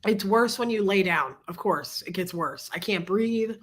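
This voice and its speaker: A sick, congested woman hosting a casual livestream, chatting and greeting viewers by name between coughs. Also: measured pace. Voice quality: low husky sick voice. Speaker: livestream host.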